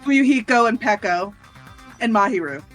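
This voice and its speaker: A woman streaming a video game, chatting casually with a co-host and tossing out quick asides. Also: on the high side, expressive, music in the background. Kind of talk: casual gaming banter.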